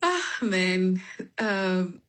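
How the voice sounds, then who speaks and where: A woman musician telling stories about her instrument, animated and spiritual, full of restarts and fillers, on a phone line. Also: lowish voice, very slow. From South Africa. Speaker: guest musician. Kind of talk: remote interview.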